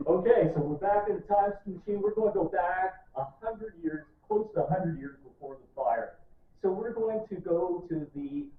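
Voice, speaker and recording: A man's voice: high-pitched, normal speed, a little hiss or hum. A man giving a playful, joking history talk to a live audience in a library room. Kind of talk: lively public lecture. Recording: distant, echoey, tinny room recording.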